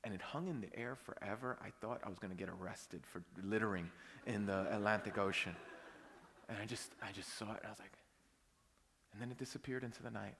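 A pastor preaching a sermon, telling a personal story that swings from hushed whispers to loud outbursts. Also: male voice, lowish voice, a little fast, creaky, in a large hall, a little hiss or hum.

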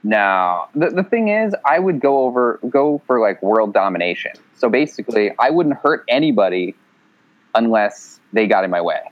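Lively man on a lo-fi call. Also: on the low side, moderate pace. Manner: playful, laughs often. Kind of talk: casual chat. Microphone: remote call line. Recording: lo-fi remote call audio.

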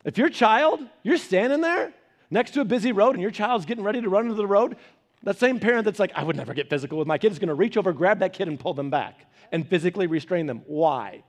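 Brisk and high-voiced, a middle-aged pastor gives a conversational sermon for a Bible study. He tells family stories with animation, performing each quoted voice himself.

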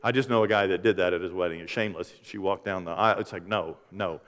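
A middle-aged man preaching a teaching sermon as pastor, animated and joking, acting out quoted voices. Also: deep voice, fast talker. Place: church sanctuary. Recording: long hall reverb.

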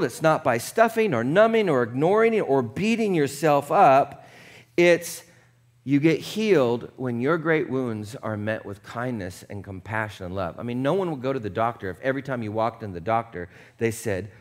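A man preaching a conversational sermon, casual and chatty, often checking in with the congregation and dropping low and quiet for earnest points. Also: expressive, moderate pace. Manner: casual and chatty, with frequent "like" and "right?". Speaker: pastor.

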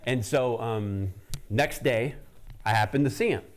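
A man preaching, telling a story in a casual, animated way with lots of fillers. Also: medium pitch, a little slow. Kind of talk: sermon storytelling.

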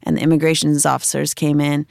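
A woman's voice: low voice, flat delivery, fast, vocal fry, a little mellow, dry recording, studio quality. A woman from Chicago, a musician guest who thinks aloud in loose, rambling sentences during a casual interview.

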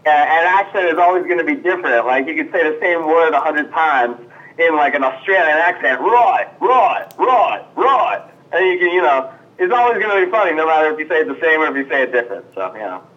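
A man's voice: a little high, expressive, fast, muffled recording. A man co-hosting a casual podcast chat, easygoing and joking along. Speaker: podcast co-host.

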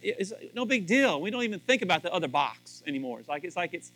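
A man's voice: high-pitched, sing-song, quick pace, vocal fry, bright, forceful tone, rough recording. A man speaking to a live audience about marriage in a joking, folksy way, rambling with restarts. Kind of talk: humorous sermon to a live audience.

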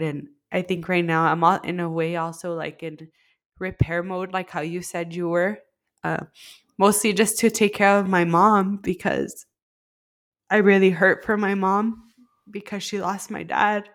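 A woman's voice: lowish voice, fairly even intonation, unhurried. Heartfelt woman talking in rambles. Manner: heartfelt, rambling, many "like" fillers. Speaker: podcast co-host. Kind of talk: personal conversational storytelling.

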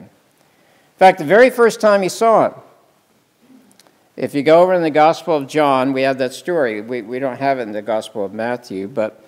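A man preaching a sermon slowly and emphatically, asking the congregation questions. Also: medium pitch. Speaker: pastor. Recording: long reverb in a hall.

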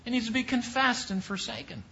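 A man's voice: very high-pitched, sing-song, brisk, sharp tone, muffled recording, slight background noise. A man teaching a Bible class, preaching emphatically and repeating points with rising questions.

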